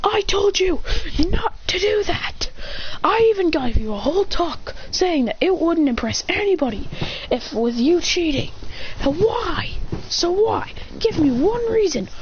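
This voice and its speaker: A woman voicing a furious, bitter young male ninja who scolds in shrill, half-whispered bursts. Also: animated, measured pace, muffled recording, slight background noise. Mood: furious scolding.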